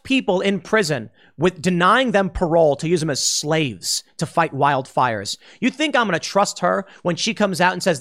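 A man's voice: a little high, animated, normal speed, hardly any pauses, fairly bright tone. A man giving a blunt opinion monologue as a political commentator, emphatic and full of slang.

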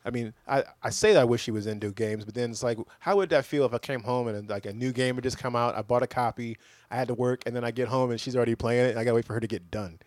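A man's voice: medium pitch, fast talker, a little mellow, no room sound. A laid-back man in his thirties hosts a podcast in easy, swear-laden chat. His voice sits in a middle register and sounds close and dry, with little room around it. He ribs his friends as he talks. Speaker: podcast host.

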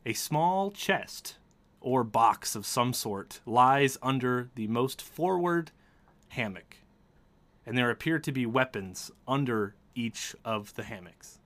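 Bright-voiced man narrating a tabletop game. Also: medium pitch, expressive. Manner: descriptive, measured scene-setting. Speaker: game master.

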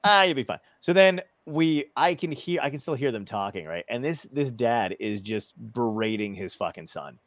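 A man's voice: medium pitch, animated, normal speed, few pauses, no room sound, studio quality. A man telling a rambling, profane story in casual chat, laughing often as he goes. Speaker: podcast guest.

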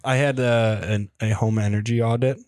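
A man's voice: medium pitch, steady tone, a little mellow, dry recording, studio quality. A man co-hosting a podcast, telling laid-back anecdotes to friends with lots of ums and uhs. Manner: laid-back anecdote teller, drawn-out fillers. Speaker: podcast co-host. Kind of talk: casual banter among friends.

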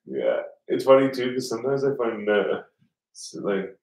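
A man's voice: medium pitch, big pitch swings, moderate pace, darkish tone. A man telling a rambling story in casual chat, swearing a lot and acting out other people's lines. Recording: roomy sound from a distance.

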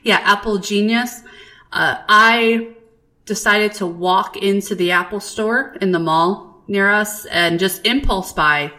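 A woman co-hosting a podcast, chatting casually and telling stories in an animated, profane way. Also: mid-range voice, slow. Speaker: podcast co-host. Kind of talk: casual chat.

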